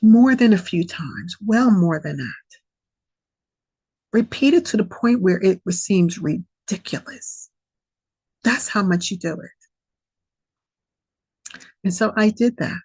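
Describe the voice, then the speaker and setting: A woman's voice: medium pitch, animated, a little mellow, no room sound, rough recording. A woman hosting a podcast, sharing a reflective spiritual monologue in an earnest way that repeats and dwells on key phrases. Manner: slow, gravelly, breathy voice. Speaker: podcast host.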